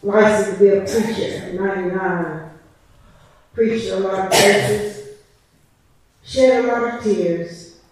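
A woman's voice: mid-range voice, steady tone, slow pace, pauses often, a little mellow. A woman giving an impassioned church testimony as a licensed preacher, with a preaching cadence and emphatic repetition. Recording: echoey church from a distance.

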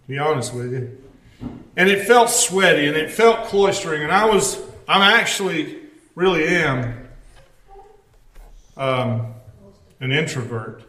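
Male preacher, chatty storytelling sermon with dry humor, sharp bright tone, roomy echo. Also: fairly high pitch. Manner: storytelling, wry asides. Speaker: pastor. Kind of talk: conversational sermon.

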